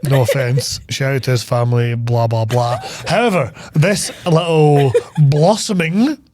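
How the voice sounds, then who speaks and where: A man's voice: mid-range voice, a little slow, a little mellow. A young man co-hosting a casual film chat, rambling and swearing with lots of fillers. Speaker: podcast co-host.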